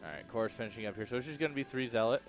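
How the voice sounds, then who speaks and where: A man casting a strategy game match in a relaxed, jokey play-by-play style, chuckling often. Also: medium pitch, racing, faint music behind. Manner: laid-back, chuckling, jokey. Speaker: esports caster. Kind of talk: casual play-by-play commentary.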